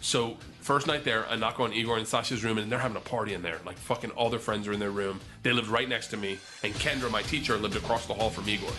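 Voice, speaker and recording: A male comedian telling an animated, profane story on stage and acting out other people's lines. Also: on the low side, fast, hardly any pauses, music in the background. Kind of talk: stand-up storytelling.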